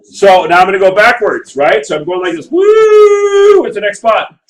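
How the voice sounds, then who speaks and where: A man's voice: high-pitched, brisk, rough recording. A man teaching a math class, working through graphs aloud and checking in with students. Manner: animated, asks the class for checks. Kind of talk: classroom lecture.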